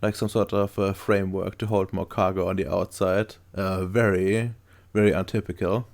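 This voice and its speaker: A man narrates a tabletop game as its game master, groping for words as he describes things. His voice sits low and carries a gravelly fry. He talks in a casual, unpolished way. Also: flat delivery, darkish tone. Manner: halting, searching for words while describing.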